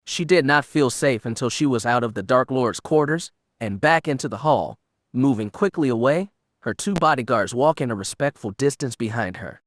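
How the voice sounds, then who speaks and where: A man's voice: medium pitch, lively intonation, moderate pace, no echo. Man narrating an audiobook, dry close voice.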